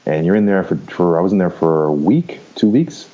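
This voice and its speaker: Low-voiced with big pitch swings and a dark tone, this fifties-aged man talks fairly quickly over dull audio. As a podcast guest he tells his life story frankly and at length, cursing offhandedly and laughing often.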